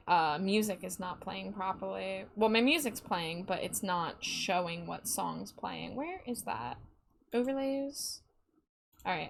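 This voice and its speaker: Chatting casually with her live chat, this young Midwestern-accented streamer keeps things playful and laughs often, her mid-range voice fairly bright in tone.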